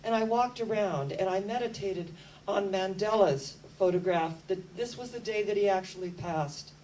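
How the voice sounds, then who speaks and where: A woman tells a story to her listeners, lively and earnest, with a spiritual bent. Her voice sits at a middle height. It sounds a little distant from the mic, with a faint hum underneath. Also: medium pitch, normal speed. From United States. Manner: lively storyteller, talks about energy with spiritual warmth. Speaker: speaker. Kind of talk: storytelling talk to an audience.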